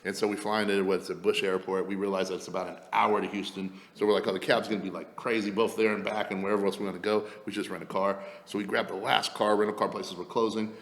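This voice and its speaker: Fast-talking gravelly man telling stories. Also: lowish voice, roomy sound, in a large hall. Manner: animated, profane, acts out quoted voices. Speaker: podcast co-host telling stories. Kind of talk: casual storytelling chat.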